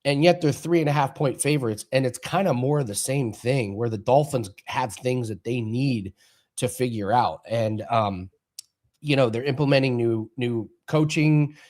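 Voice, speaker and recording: A man's voice: mid-range voice, moderate pace, darkish tone. Chatty male sports betting co-host. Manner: rambling storyteller, laughs through anecdotes. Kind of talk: casual chat and betting analysis.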